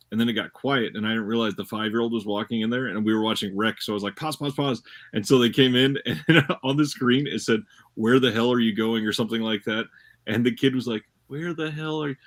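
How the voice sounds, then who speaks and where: A married man with kids, co-hosting a casual film podcast, who tells relaxed stories and chimes in with short agreements. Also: medium pitch, brisk.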